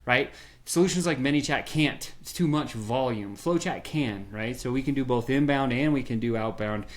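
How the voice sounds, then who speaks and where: A man guest on a podcast, explaining a sales method with lively storytelling and quick bursts of acted-out dialogue. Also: mid-range voice. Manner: animated storyteller, acts out quoted voices. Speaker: podcast guest, software founder. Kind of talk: energetic sales pitch in conversation.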